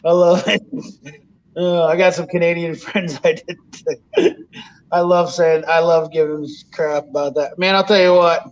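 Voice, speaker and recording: Give me a high-voiced man in casual podcast chat, rambling and swearing, with a dull lo-fi sound. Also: fairly even intonation, measured pace. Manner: rambling storyteller, swears freely. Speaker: podcast host.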